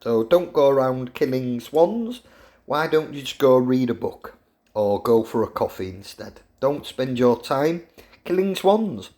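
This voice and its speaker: A man's voice: medium pitch, lively intonation, a little slow, darkish tone. A middle-aged man, a university professor giving a jokey, teasing lecture to his students. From England.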